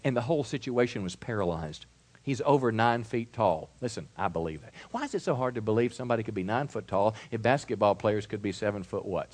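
A man preaching a sermon with a wide, lively pitch that climbs on every key point. He alternates between booming declarations and softer, conversational asides, like a pastor working a congregation. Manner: emphatic preaching, swinging between loud declarations and quiet asides.

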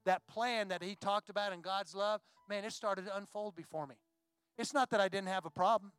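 High-voiced man preaching a story sermon. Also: brisk, fairly bright tone, clear, resonant tone, no room sound. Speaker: pastor. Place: church.

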